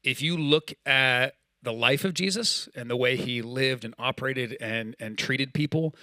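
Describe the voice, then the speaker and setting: A man in his thirties gives a relaxed, conversational sermon with a bright, forceful tone. He tells stories and slips into quoted dialogue. The sound is dry and close. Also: mid-range voice, unhurried, no echo. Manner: casual, storytelling, acts out quoted dialogue. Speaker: pastor. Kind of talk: sermon with personal story.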